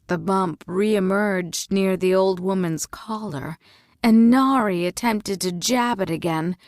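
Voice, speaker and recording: A woman reading a fantasy novel aloud as narrator, slow and even. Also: medium pitch, no echo, studio quality. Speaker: audiobook reader. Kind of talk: storybook narration.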